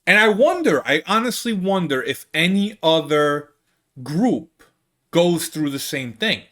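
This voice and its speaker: This comedian podcast host from the United States speaks in a fairly high, sing-song voice with a sharp edge, a little slowly. With his Brooklyn accent, he works through a rambling, exasperated comedy monologue full of restarts.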